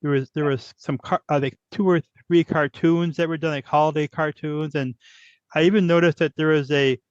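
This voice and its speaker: A man's voice: on the high side, fairly even intonation, normal speed, no room sound. A man co-hosting a podcast, speaking in an easygoing, conversational way. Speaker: podcast co-host. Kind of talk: casual interview chat. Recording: dull dry lo-fi sound.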